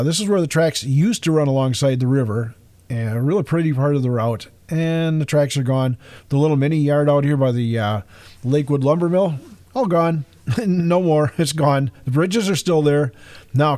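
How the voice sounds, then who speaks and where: Man, casual game commentary, rambling with fillers, mid-pitched, dry close sound. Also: mellow, no echo. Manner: rambling, self-deprecating, frequent uhs and chuckles. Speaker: video game streamer. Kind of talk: casual gameplay walkthrough commentary.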